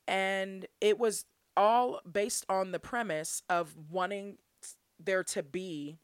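A woman's voice: mid-range voice, steady tone, slow pace, clear, resonant tone, dry recording, clean studio sound. A young woman hosting her own podcast, talking earnestly and from the heart, laughing often as she goes. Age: young adult. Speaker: podcast host. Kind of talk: solo podcast monologue.

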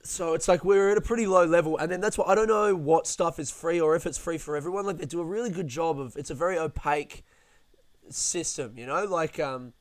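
A young man talks through a loose, rambling podcast monologue, swearing freely and poking fun at himself. His voice sits a little high and sounds smooth and clear. The recording is close and dry. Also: a little fast, no echo. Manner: rambling, self-deprecating, sweary. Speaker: podcast host, comedian. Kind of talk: casual monologue.

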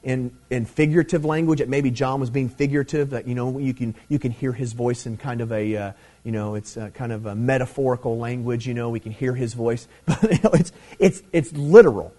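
A man preaching a sermon as pastor, emphatic and conversational, with big swings in pitch and loudness and frequent asides like "see" and "man.". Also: a little fast.

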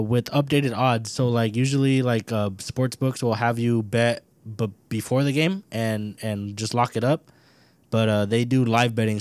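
A man's voice: medium pitch, darkish tone, no room sound. A young man hosts a laid-back podcast and drifts into rambling stories full of fillers and swearing. His voice sits in a plain middle range and comes through close and dry, with no room sound. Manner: loose, rambling and swear-heavy, with many fillers. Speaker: podcast host. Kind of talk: casual podcast chat, reading out a news story.

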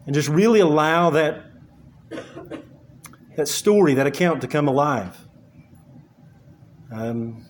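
An earnest male preacher with a slightly higher than usual voice. He speaks haltingly, with many fillers and restarts, as he explains a passage to his congregation. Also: a little mellow, slight background noise. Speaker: pastor. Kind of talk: sermon.

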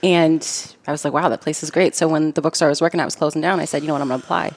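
A woman's voice: deep voice, steady tone. A young woman with a Boston accent, chatting playfully as a podcast guest. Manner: playful, jokey, quick to laugh. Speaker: guest, smoke shop employee. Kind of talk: casual chat.

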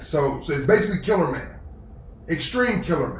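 A man co-hosting a podcast in relaxed, profane chat, often repeating words as he starts a thought. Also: fairly high pitch, fairly quick, far from the mic. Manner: laid-back, stammering repeats, profane. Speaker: podcast co-host. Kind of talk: casual group chat. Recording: echoey room, off-mic, faint noise.

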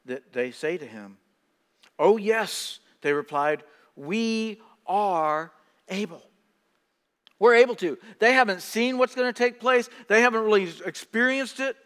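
Male pastor with a slightly raised pitch, preaching animatedly and acting out quotes, recorded in a reverberant church hall. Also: fairly quick, hardly any pauses, clear, resonant tone. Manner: animated, acts out quoted voices, repeats words. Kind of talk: sermon.

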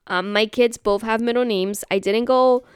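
A woman's voice: fairly high pitch, steady tone, moderate pace, clear, resonant tone, no echo, studio quality. A woman talking casually on her own to listeners, chatty, often checking in and patiently spelling words out. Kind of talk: casual solo monologue.

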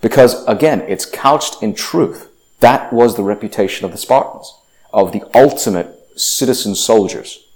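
Deep-voiced man lecturing with many fillers. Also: a little mellow. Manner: halting, many fillers and restarts, punchy quoted lines. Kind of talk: casual lecture on rhetoric.

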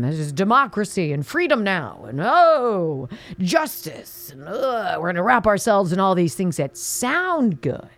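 A woman's voice: lowish voice, dry recording. An American woman hosting a talk radio show, delivering an indignant, sarcastic political monologue with emphatic outbursts.

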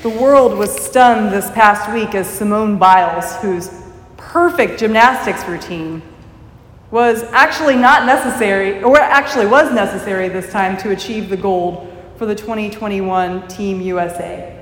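A woman preacher giving a sermon, telling a story in a measured, reflective way. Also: medium pitch. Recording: echoey hall with long reverb.

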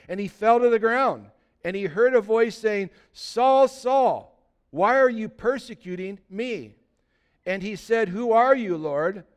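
Clear-voiced impassioned male preacher. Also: sits high. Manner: impassioned preaching, rising to loud emphatic peaks. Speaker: pastor. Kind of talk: sermon.

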